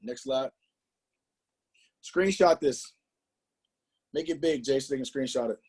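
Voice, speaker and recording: A man's voice: mid-range voice, a little slow, darkish tone, husky. A man giving an emphatic, motivational sales presentation on a business call, talking straight to his audience. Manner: hyped, emphatic, talks to the audience directly.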